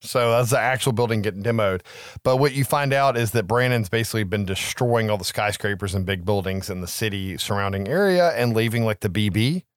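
Lower-voiced man recapping a film. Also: a little fast, no echo, clean studio sound. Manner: animated, profane storytelling. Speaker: podcast co-host. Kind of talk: casual podcast film recap.

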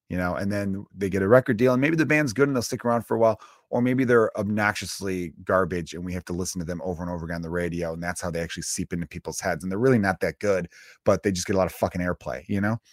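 A man's voice: deep voice, no echo, studio quality. Profane rambling man on a podcast mic. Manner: profane, rambling, acts out voices with sudden loud bursts. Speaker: comedian podcast host. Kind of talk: casual comedic monologue. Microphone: close podcast mic.

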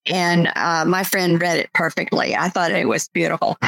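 A woman's voice: on the low side, level tone, moderate pace, creaky, a bit bright, no echo, poor audio. Woman author reading her novel.

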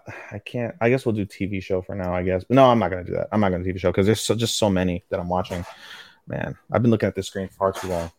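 A man's voice: sits low, dry recording. Guy cohosting a podcast, hyped, swears a ton, dry close sound. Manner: excitable, swears freely, lots of fillers. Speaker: podcast co-host. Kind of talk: casual chat.

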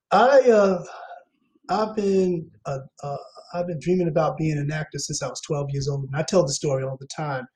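New man, actor guest, slightly high mellow voice, loose rambling delivery. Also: rough recording. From Queens, New York. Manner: rambling, full of fillers and restarts, says "man" often. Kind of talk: casual interview talk.

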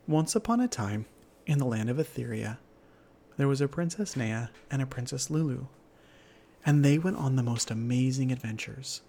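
Gravelly man narrating a bedtime story. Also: mid-range voice, animated, normal speed, dark tone. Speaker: storyteller host. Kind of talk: scripted children's story narration.

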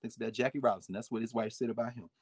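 A man giving a lively history lecture with folksy asides, swinging his volume up and down. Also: medium pitch, racing, slightly rough, dry recording. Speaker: history teacher. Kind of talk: lively history lecture with read-aloud quotes.

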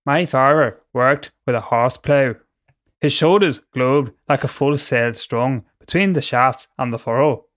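A man's voice: mid-range voice, unhurried, a bit bright, no room sound, studio quality, close to an everyday voice. A man putting on a mock Northern Irish accent to read a poem aloud in a hammy way. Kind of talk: hammy poetry reading.

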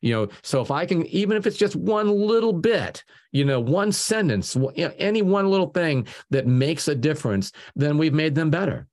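A man's voice: on the high side, lively intonation, moderate pace, few pauses, a little mellow. A man being interviewed as a music producer, talking casually and repeating words as he works out each thought. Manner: rambling, repeats words often as he thinks.

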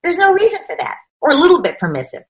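A woman's voice: very high voice, huge pitch swings, quick pace, low-quality recording. A woman speaking as a parenting expert in a conversational interview, explaining ideas emphatically and often acting out what parents and children say.

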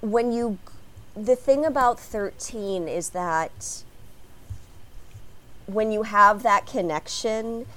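A woman from Chicago with an American accent, telling animated stories as a fan on a panel before a live audience. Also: mid-range voice, takes it slowly, pauses often. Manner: expressive, animated storytelling.

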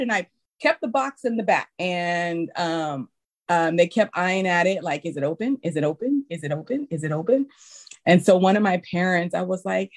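A woman in casual conversation, recounting an anecdote and acting out the people in it with high, squealing voices. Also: fairly quick. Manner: animated, acts out quotes in high squeals. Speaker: guest; childcare teacher. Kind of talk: casual storytelling chat.

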